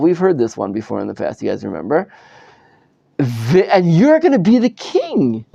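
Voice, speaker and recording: A man's voice: a little high, huge pitch swings, normal speed, creaky, warm tone, husky, dry recording, highs cut off. A man, a rabbi, giving a live Bible study lecture to students, dramatizing the text with many restarts. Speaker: rabbi teaching a class.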